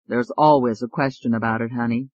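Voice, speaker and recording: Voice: medium pitch, steady tone, brisk, darkish tone, dull audio, voice pushed down, natural voice. A narrator voicing an earnest young male lawyer who speaks in a subdued way.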